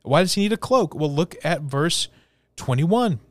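A man's voice: on the high side, animated, measured pace, dry recording. A man preaching a sermon as a church pastor, talking emphatically and asking the congregation rhetorical questions.

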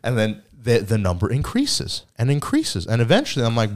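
A man co-hosting a podcast, telling a story in a casual, animated way and acting out the people in it. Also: medium pitch, moderate pace. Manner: animated storyteller, acts out quotes, teasing. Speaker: podcast co-host.

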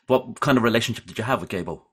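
An Irish man hosting a relaxed interview, asking short, steady questions. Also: mid-range voice, rapid-fire, breathy edge. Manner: brief, steady questions and murmured assent. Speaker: host. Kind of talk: casual interview.

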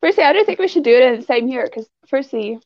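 A woman with a South African accent chatting on a pageant podcast. Her voice sits high and comes through dry and slightly dull, like a call line. She talks in a bubbly way and acts out little quotes. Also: expressive, quick pace, dry recording. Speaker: pageant contestant. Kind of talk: casual chat.

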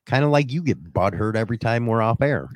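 A man's voice: medium pitch, lively intonation, a little fast, no echo. A man hosting a shock-jock radio show, brash and provocative, joking through banter with his co-host.

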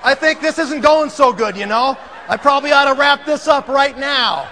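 A man telling a story to an audience, animated and acting out the scene. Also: extremely high pitch, moderate pace, a little hiss or hum. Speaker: speaker telling a sales story. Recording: long hall reverb.

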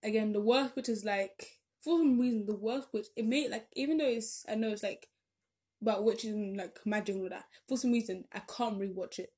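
A woman's voice: medium pitch, brisk, darkish tone. A young woman, chatting casually and rambling as she corrects herself along the way. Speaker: vlogger. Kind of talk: casual chat.

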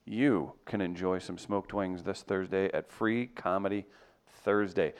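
A man's voice: low-pitched, steady tone, unhurried, smooth. A man hosting a radio talk segment, joking around and bantering with co-hosts. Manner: joking, puts on mock voices. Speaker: radio show host.

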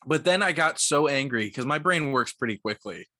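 Give me a young man with a bright edgy voice telling a profane, animated story on a podcast. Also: mid-range voice, moderate pace, no room sound, clean studio sound. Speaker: podcast co-host. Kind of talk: casual storytelling.

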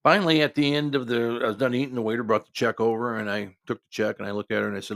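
A man's voice: mid-range voice, fairly even intonation, rapid-fire, vocal fry, few pauses, a bit bright. A man telling a story in a casual, rambling way, full of restarts and asides.

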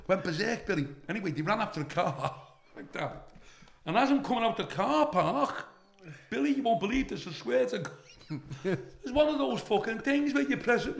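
A brash older man with a Liverpool accent tells profane stories with lively energy. His voice is gravelly and fairly high, and it rings in an echoey room. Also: normal speed, noisy background. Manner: brash, profane, animated anecdote-telling. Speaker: comedian, guest. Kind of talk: storytelling in a casual interview.

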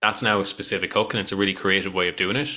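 A man and content creator in a casual podcast chat, explaining things quickly and laughing easily. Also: low-pitched, steady tone, bright, forceful tone.

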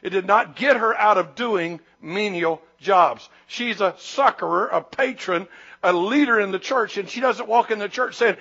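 Emphatic high-voiced pastor preaching. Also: male voice, muffled recording. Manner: emphatic preaching with sudden loud, high bursts and slow drawn-out words. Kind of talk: sermon.

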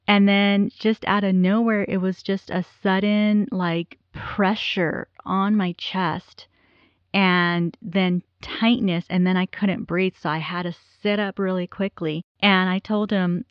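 A woman's voice: medium pitch, steady tone, slow pace, clear, resonant tone, no room sound, highs cut off. A woman in her forties telling a personal story in a candid, rambling way, with many fillers. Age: 40s.

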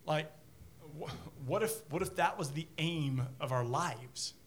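Man, pastor, sermon, middle-aged, fairly high voice, chatty, self-deprecating, animated. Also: unhurried. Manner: self-deprecating, chatty, repeats words when starting sentences.

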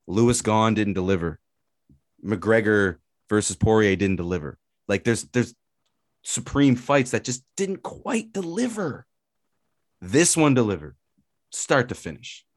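Animated, swearing man ranting about fights. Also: lowish voice, dry recording, studio quality. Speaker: podcast co-host. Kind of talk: casual sports chat.

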